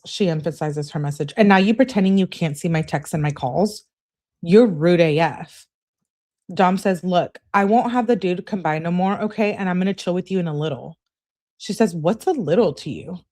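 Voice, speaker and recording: A woman's voice: fairly low pitch, a little mellow. A woman hosting a true crime channel, reading text messages aloud and adding emphatic, exasperated asides.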